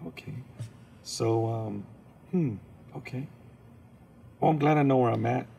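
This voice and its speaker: A man's voice: mid-range voice, measured pace, vocal fry, long pauses, slight background noise. A man, a comedian, telling a story as an interview guest and acting out the scenes. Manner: animated, acts out scenes and voices.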